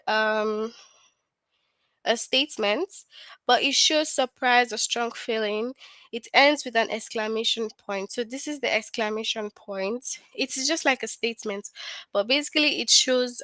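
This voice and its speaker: A woman's voice: on the high side, sharp tone, no echo. Patient woman teaching young children. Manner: patient, questioning, often asking "what?" and answering herself. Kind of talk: online grammar lesson for young children.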